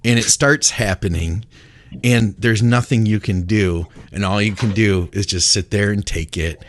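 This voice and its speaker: Laid-back low-voiced man rambling. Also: measured pace. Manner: relaxed, filler-heavy, says like a lot. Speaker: podcast co-host. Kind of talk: casual podcast chat.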